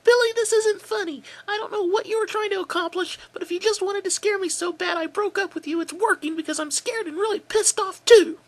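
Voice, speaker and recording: A man doing a shrill teenage babysitter girl. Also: brisk, hardly any pauses. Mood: angry, scared. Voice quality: shrill falsetto. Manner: pleading, furious.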